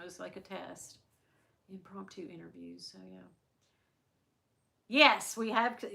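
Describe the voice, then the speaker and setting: A woman's voice: medium pitch, sharp tone. A woman from the American South with a Southern accent, chatting casually and rambling with live viewers as a stream host. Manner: chatty, rambling, many restarts. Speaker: livestream host.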